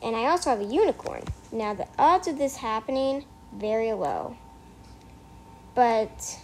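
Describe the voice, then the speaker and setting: Chatty high-voiced girl rambling slowly. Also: animated, slight background noise, low-quality recording. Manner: rambling, chatty, self-correcting; dramatic mock outrage. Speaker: gameplay streamer. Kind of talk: casual gameplay commentary.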